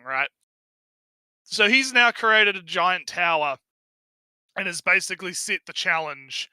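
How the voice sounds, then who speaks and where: A high, very bright man with a smooth, crisp voice recorded close and dry. He recaps a story in loose stream chat, swearing constantly and laughing as he trips over his words. His energy stays high and eager. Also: a little slow, long pauses, no room sound. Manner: profane, excitable, laughing, with many fillers. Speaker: co-host of a review stream. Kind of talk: casual plot recap chat.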